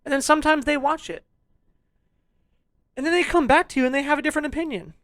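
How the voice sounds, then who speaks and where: A young man rants on a podcast with a loud, jokingly abrasive edge. He swears freely and teases his listeners. The recording is close and dry. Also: extremely high pitch, fast talker, no echo. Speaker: podcast co-host. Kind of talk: casual ranting review chat.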